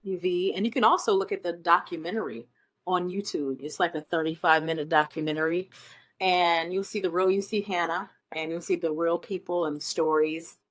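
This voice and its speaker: Speaking on the low side at a moderate pace, a woman from Omaha, Nebraska, who performs on Broadway shares stories in a casual interview. She's chatty and enthusiastic, with lots of ums.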